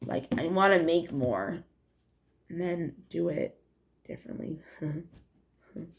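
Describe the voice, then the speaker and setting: Young woman, low-ish voice, New England accent, rambling swear-heavy vlog chat. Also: expressive, unhurried, vocal fry. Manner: meandering, heavy on "like" and swearing, frequent laughs. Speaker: vlogger. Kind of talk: rambling casual monologue to camera.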